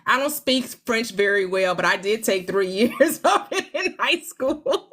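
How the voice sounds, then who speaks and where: A woman in her forties hosting a casual livestream, laughing often as she answers viewer comments and tries out halting schoolbook French. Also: on the high side, expressive, a bit bright, slightly rough. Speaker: livestream host. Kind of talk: casual live chat reading viewer comments.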